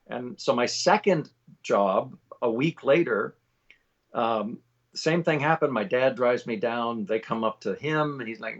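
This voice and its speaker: Gravelly, husky man telling a story. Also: mid-range voice, moderate pace, lo-fi sound. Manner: animated, lively storyteller acting out quotes. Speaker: voiceover actor, interview guest. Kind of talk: anecdotal storytelling in an interview.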